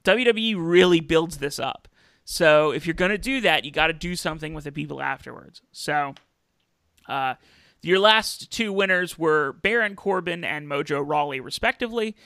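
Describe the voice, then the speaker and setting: A man's voice: a little high, expressive, moderate pace, vocal fry, pushed and bright, smooth, dry recording. A man hosting a casual wrestling podcast, chatty, with many fillers and restarts. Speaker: podcast host.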